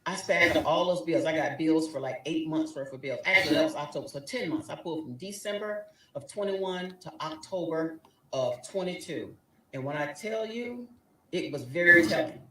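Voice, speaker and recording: A woman's voice: deep voice, normal speed, a bit bright, heavy reverb, distant mic, a little hiss or hum, low-quality recording. A woman telling a story dramatically, acting out both sides of a quarrel. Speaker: guest telling her story. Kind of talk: animated storytelling.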